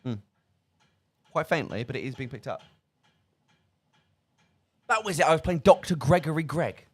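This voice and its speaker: A man's voice: on the high side, animated. A young man with an English Midlands accent, hosting a casual chat on student radio from a studio mic, chatty and jokey. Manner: chatty and jokey, quick to laugh at himself.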